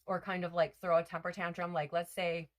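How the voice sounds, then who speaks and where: A woman's voice: on the low side, flat delivery, brisk. A woman giving a casual spiritual card reading, rambling with lots of fillers and self-corrections. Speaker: tarot reader.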